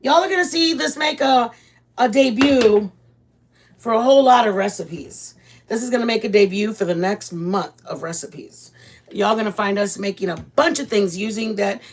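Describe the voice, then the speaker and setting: A woman's voice: mid-range voice, moderate pace. A woman chatting casually with viewers while making food in her home kitchen, rambling and greeting people by name. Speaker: vlog host. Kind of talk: casual live-stream chat while cooking.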